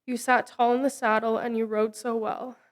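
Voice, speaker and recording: A young woman reading a memorial tribute to her grandfather in a solemn, measured way. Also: a little high, flat delivery. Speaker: grandchild giving a eulogy.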